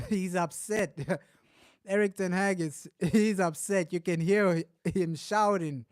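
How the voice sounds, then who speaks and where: A man commenting live on a match as a fan, grumbling through the slow spells and shouting with excitement when his team scores. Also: sits high, smooth, no echo, studio quality. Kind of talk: live watch-along commentary.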